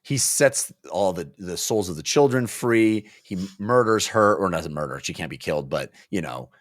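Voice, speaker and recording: A man co-hosting a casual book club podcast, eagerly retelling scenes and dropping into quick put-on voices. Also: low-pitched, lively intonation, dry recording, clean studio sound. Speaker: podcast co-host.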